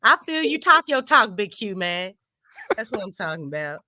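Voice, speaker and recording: A woman's voice: mid-range voice, sing-song, normal speed, sharp tone, dry recording, clean studio sound. A woman co-hosting a casual sports podcast, giggly and teasing. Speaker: podcast co-host.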